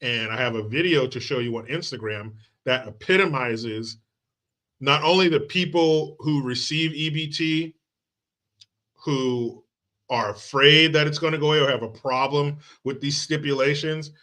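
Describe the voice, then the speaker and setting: Bright-voiced male live-stream host. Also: mid-range voice, moderate pace. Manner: loose and joking, reads chat aloud, drops into movie quotes; profane, sarcastic. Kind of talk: casual live-stream commentary.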